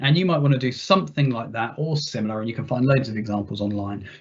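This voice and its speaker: Guy running a work training webinar, kinda husky, chatty, asks lots of questions, muffled audio. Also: mid-range voice. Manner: conversational, with frequent restarts and rhetorical questions. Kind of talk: webinar workshop presentation.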